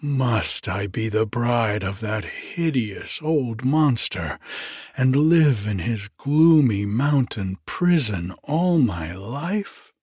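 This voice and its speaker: A man voicing a young goddess who wails and pleads, his voice lifted higher and louder than his narration, in a storybook reading. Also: animated, slow pace, husky, no echo, clean studio sound. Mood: wailing. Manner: pleading, wailing.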